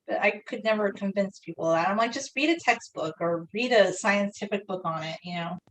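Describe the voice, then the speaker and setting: While painting on a live stream, a young woman meanders through a story in a relaxed, chatty way, leaning heavily on fillers such as "like." She speaks briskly at a medium pitch, and her voice sounds a little distant from the microphone.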